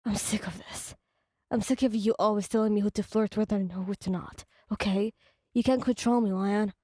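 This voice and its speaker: Woman playing a resentful young man, whispered role-play, breathy, dark and mellow. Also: medium pitch, fairly even intonation, moderate pace, dry recording, studio quality, close to an everyday voice. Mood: angry. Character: angry young man, bitter and weary.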